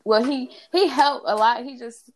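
A woman's voice: on the high side, unhurried, slight background noise. A woman in a casual chat, telling her story with animation and calling to the group. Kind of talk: casual chat among moms.

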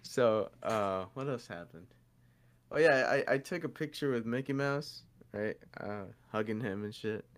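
A man co-hosting a casual podcast, telling stories in an animated, slangy way. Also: medium pitch, unhurried. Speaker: podcast co-host.

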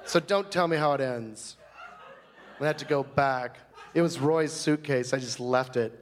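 A man's voice: medium pitch, measured pace, very noisy, natural voice. A man playing a flamboyant, fussy character in a live comedy monologue, rambling in a prissy, gossipy way on a stage mic. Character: flamboyant, fussy, chatty man telling a grievance. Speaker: stand-up comic in character.

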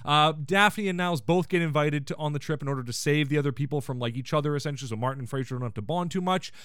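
A man hosting a podcast, recapping a sitcom episode in casual chat and quoting the characters in quick put-on voices. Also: on the high side, fairly bright tone, smooth, no echo, studio quality. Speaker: podcast host.

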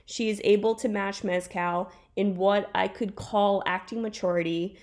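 A woman's voice: mid-range voice, fairly even intonation, moderate pace, a little mellow. A woman podcast co-host on a video call, reading a review aloud in a casual chat, stumbling and restarting over words and laughing easily.

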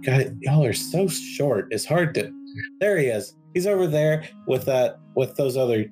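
A man's voice: mid-range voice, lively intonation, a little slow, a little mellow, soft background music, voice pushed up, lightly acted, poor audio. A man voicing a tall, blunt male tavern patron in a tabletop game, talking in an offhand way.

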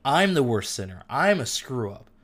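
A young man hosting a casual Bible talk who keeps getting excited, interrupting himself and reading verses aloud. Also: mid-range voice, moderate pace. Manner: enthusiastic, gets amped and self-interrupts. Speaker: podcast host.

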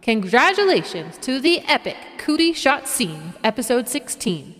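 A woman's voice: on the high side, very animated, moderate pace, a bit bright, in a large hall. A woman playing a smarmy male awards-show co-host with hammy showbiz patter.

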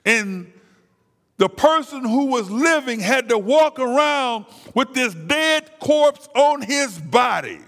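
High-voiced man preaching with passion, slow. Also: lively intonation, long reverb tail. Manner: impassioned, swings from hushed to crying out, repeats words. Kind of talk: sermon.

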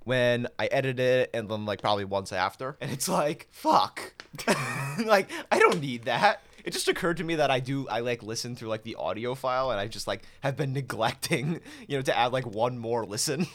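A man's voice: mid-range voice, animated, a little fast. A man co-hosting a podcast, chatting casually with crude jokes and frequent laughter. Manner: crude, joking, laughs often. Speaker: podcast co-host. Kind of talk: casual chat.

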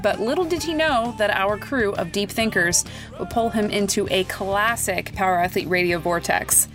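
A woman reading a scripted podcast introduction in a brisk, wry, tongue-in-cheek way. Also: medium pitch. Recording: clear music bed under voice.

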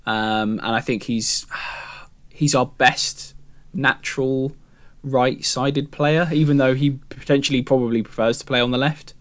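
A man's voice: medium pitch, steady tone, measured pace, no room sound. A man, a football journalist, chatting on a football podcast and hedging his opinions with frequent "I think". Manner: thoughtful, hedging with "I think" and "you know". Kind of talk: casual football podcast chat.

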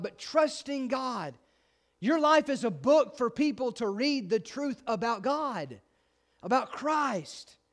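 A pastor preaching a sermon with emphatic, insistent delivery and frequent repeated restarts. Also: male voice, very high voice.

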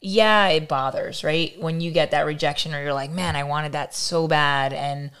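A woman in her thirties co-hosting a casual faith-based podcast, animated and often ending her points with "right?". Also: low voice, moderate pace, clear, resonant tone. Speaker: podcast co-host.

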